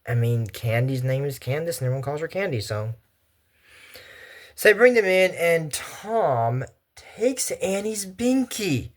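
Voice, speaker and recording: Brief: young man, casual anime recap host, a bit high-voiced, drifts into side stories. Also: unhurried. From Texas. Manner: chatty, digressive, animated asides. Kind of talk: casual rambling commentary.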